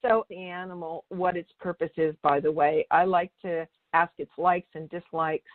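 This clip has a lowish, steady female voice at normal speed, recorded dry with a tinny, phone-like quality. The speaker is an animal communicator mixing teaching with stories, chatting along, breaking off and restarting sentences, and performing other people's lines as dialogue.

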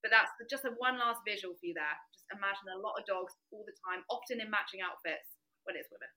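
A woman's voice: mid-range voice, quick pace, pushed and bright. A young woman from the south of England, a guest chatting casually on a podcast, upbeat and laughing often.

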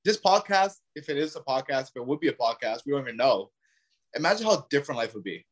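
A man's voice: medium pitch, sing-song, fast. A young man from Ontario, a podcast guest musing in easygoing casual chat. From Ontario, Canada.

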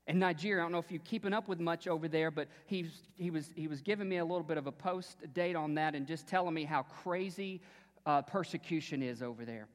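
A pastor, his voice sitting a little high for a man, preaches in a church sanctuary where long reverb trails after each phrase. He moves from easy, conversational storytelling to rising, emphatic declarations. On key phrases he drops to a hushed near-whisper. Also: fast. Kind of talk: sermon.

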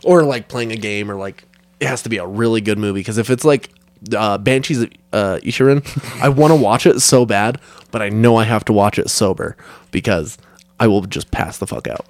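A man's voice: lowish voice, fairly quick, darkish tone, no room sound. Laid-back young man, casual chat. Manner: laid-back, swears often, laughs a lot. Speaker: podcast co-host.

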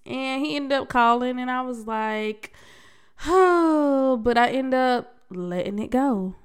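A woman's voice: fairly high pitch, a little slow, smooth. A young adult woman hosting a solo podcast, talking candidly in a slangy, conversational way with frequent restarts. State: congested. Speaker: podcast host. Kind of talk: casual solo podcast talk.

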